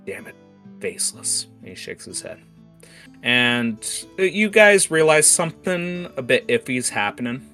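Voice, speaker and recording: A man's voice: medium pitch, big pitch swings, measured pace, pushed and bright. A man narrating as game master of a tabletop game, rambling with restarts, over faint guitar music. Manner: rambling, many fillers and restarts.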